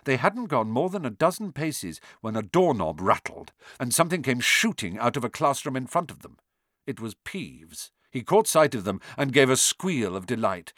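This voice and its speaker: A man narrating an audiobook in an expressive, dramatic reading. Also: medium pitch, moderate pace, dry recording, studio quality.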